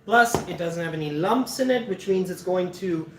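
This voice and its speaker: A man's voice: high voice, moderate pace, distant mic. A man talks his viewers through a recipe in a loose, joking way, laughing often and swearing freely. He stands some way from the mic in an echoey home kitchen, with a faint hum of background noise. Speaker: cooking streamer. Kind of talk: casual cooking livestream chat.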